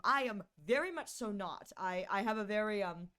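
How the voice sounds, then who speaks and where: A woman with a Northern US accent chatting casually on a live stream, bubbly and excitable, often laughing. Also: mid-range voice, moderate pace, clear, resonant tone.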